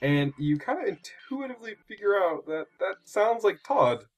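A chatty game master narrates a tabletop game, laughing often between rambling descriptions. His voice sits fairly high for a man. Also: very animated, normal speed, soft background music.

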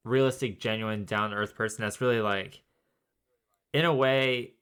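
A man's voice: lowish voice, steady tone, a little slow, fairly bright tone, clear, resonant tone. A man co-hosting a faith and film podcast, reflecting at length in a thoughtful, rambling way. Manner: thoughtful, rambling, many fillers. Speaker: podcast co-host. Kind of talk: casual chat.

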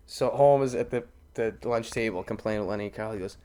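A man's voice: lowish voice, fast, mellow, smooth. A man co-hosting a podcast in crude casual banter, swearing and laughing often. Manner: profane, laughing, retells scenes with voices. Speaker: podcast co-host.

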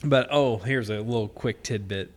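Man, 30s, podcast co-host; loose, profane storyteller, mid-pitched, laughs at his own jokes. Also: moderate pace. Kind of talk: casual crude banter.

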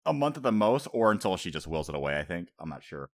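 Podcast host, man; low, animated, swears and laughs a lot. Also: fast talker. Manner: animated, profane, laughs often, acts out quotes. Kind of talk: casual chat.

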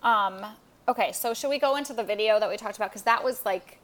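A young woman co-hosting a podcast, chatting casually in a playful, animated way and pushing wild theories. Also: on the high side, quick pace. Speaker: podcast co-host. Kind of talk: casual chat.

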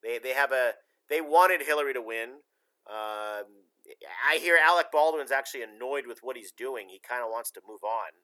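A man's voice: medium pitch, moderate pace, pushed and bright. A man hosting a casual talk show, giving emphatic, rambling opinions.

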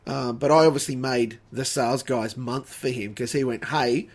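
A man with an ordinary mid-range voice tells a relaxed anecdote as a podcast co-host. He talks in an easygoing, chatty way. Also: medium pitch, normal speed. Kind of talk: casual chat, storytelling.

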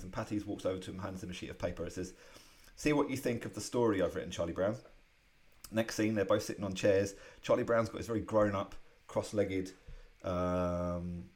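Very deep-voiced man recapping comics. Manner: animated recapping of comic strips, breaking into laughter. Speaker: podcast co-host. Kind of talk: casual podcast chat.

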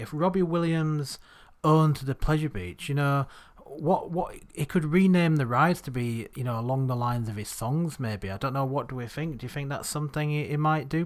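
A man hosting a casual podcast chat, rambling and letting his sentences trail off quietly. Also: fairly high pitch. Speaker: podcast host.

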